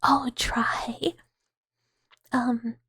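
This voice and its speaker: A young woman in a whispered ASMR stream chat, her voice high and airy as she talks very slowly into a close microphone. She giggles at herself between soft whispers, and the sound is dry and intimate. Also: flat delivery, slightly rough, no echo. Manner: giggly, laughs often at herself.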